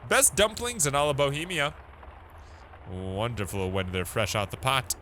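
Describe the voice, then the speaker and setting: A man's voice: mid-range voice, sing-song, normal speed, sharp tone, slight background noise. A man voicing a friendly, food-loving male innkeeper in a video game. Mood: hearty.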